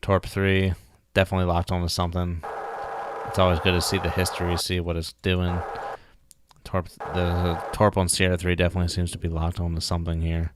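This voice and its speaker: A man's voice: deep voice, completely flat delivery, brisk, background noise. A man casually thinking aloud while streaming a game, muttering and joking at himself. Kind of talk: casual live gameplay commentary.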